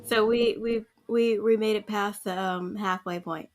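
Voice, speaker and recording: A woman co-hosting a casual podcast chat, recapping a story game and acting out the characters in quick asides. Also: medium pitch. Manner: animated, mimics characters in quick asides, laughs often.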